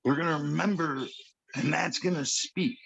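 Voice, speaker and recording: A man's voice: fairly high pitch, moderate pace, gravelly, fairly bright tone, slightly rough, rough recording. A man, telling a street story on a podcast in a blunt, profane way, often checking in with "okay.". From Chicago. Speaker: podcast guest. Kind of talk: casual storytelling chat.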